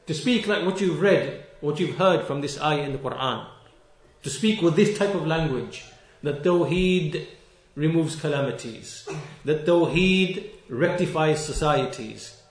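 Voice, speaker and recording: A man preaching a sermon, stressing key words and repeating them, reciting scripture verses quickly in between. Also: on the high side, roomy sound. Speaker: Islamic preacher.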